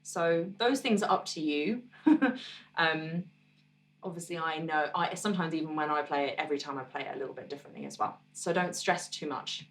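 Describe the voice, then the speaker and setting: Relaxed woman teaching guitar. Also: low voice, brisk, recorded from a distance. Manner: relaxed, encouraging, counts beats aloud. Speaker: musician teaching her own song. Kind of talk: guitar tutorial explanation.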